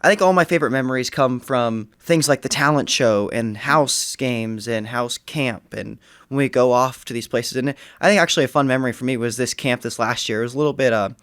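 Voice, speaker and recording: A young man, a graduating high school senior, talking earnestly and reflectively in a casual podcast interview. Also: fairly quick, fairly bright tone, smooth, dry recording, studio quality. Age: young adult. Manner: earnest, reflective, some restarts.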